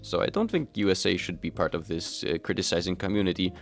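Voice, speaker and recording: A man's voice: low voice, very animated, fast talker, faint music behind. Chatty male vlogger reviewing comics. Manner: chatty, self-deprecating, addresses viewers directly. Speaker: YouTube host reviewing comics. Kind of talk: casual commentary vlog.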